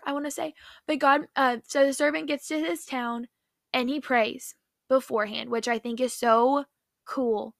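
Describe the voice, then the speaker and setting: A young woman with a bright, slightly high voice tells a Bible story to her viewers. She talks in a chatty, excitable way and fills her speech with "like". The sound is dry and close. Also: vocal fry, no echo. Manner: excitable, chatty, heavy use of "like". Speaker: faith vlogger.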